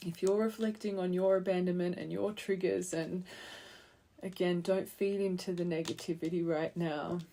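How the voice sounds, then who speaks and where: A woman gives an earnest, heartfelt, intuitive tarot reading straight to camera, rambling with fillers. Her voice is lowish and mellow, with slight background noise.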